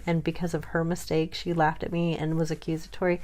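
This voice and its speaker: A woman's voice: sits low, little pitch movement, moderate pace. A woman frankly venting about being dismissed, heated and self-conscious in turn. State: chronically ill. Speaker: vlogger. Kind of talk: personal rant to camera.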